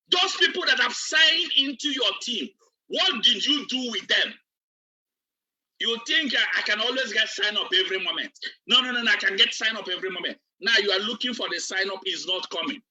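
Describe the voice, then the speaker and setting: A man's voice: high voice, bright, forceful tone, slightly rough. Emphatic man preaching business. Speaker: business coach. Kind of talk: preaching motivational training. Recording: distant, dull lo-fi recording.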